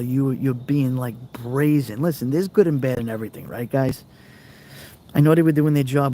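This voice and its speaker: A middle-aged man spins rambling anecdotes for his live-stream viewers and slips into the voices of the people in his stories. His voice is dark and mellow. Faint crickets chirp behind him outdoors at night. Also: mid-range voice, slight background noise. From New York. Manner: rambling anecdotes, acts out quoted voices, answers viewer comments. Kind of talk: casual storytelling chat.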